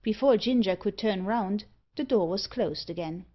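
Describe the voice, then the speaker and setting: A woman narrates a classic novel with measured, steady storytelling. Her voice sits at a middling pitch, and the recording is slightly muffled and dull in tone. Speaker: audiobook narrator. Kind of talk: scripted narration.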